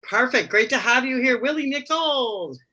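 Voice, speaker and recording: A woman hosting an online networking meeting over a video call, upbeat and brisk as she calls on each guest. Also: high-pitched, animated, bright, forceful tone, slightly rough. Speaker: host.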